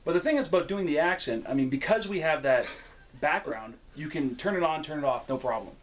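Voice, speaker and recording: A man's voice: on the high side, a little fast. Laughing, foul-mouthed man telling stories. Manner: animated, laughs often, swears freely. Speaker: guest, local wrestler and former tour actor. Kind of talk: casual storytelling chat.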